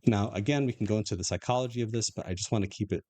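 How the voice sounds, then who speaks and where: A young man with a somewhat low voice talks through relationship advice like a coach. His delivery is casual and explanatory, punctuated by rhetorical "right?" check-ins. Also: very fast, dark tone.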